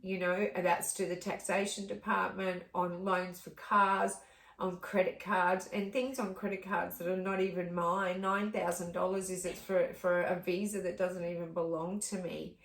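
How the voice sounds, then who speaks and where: A woman's voice: fairly low pitch, little pitch movement, normal speed, fairly bright tone. A middle-aged woman talking through her life in a rambling, heartfelt way, with many fillers, in a casual vlog. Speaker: vlogger. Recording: echoey room, distant mic.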